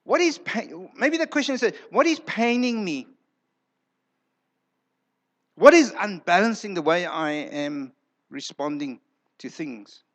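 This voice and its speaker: A man's voice: high-pitched, lively intonation, slow pace, pauses often, fairly bright tone. A male pastor preaching a sermon in a church, emphatic, repeating words for effect and acting out quoted lines.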